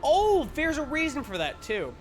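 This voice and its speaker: A man's voice: very high voice, wildly swooping pitch, moderate pace. A young man streaming a game, explaining it in playful casual chat with silly sound words, game music behind.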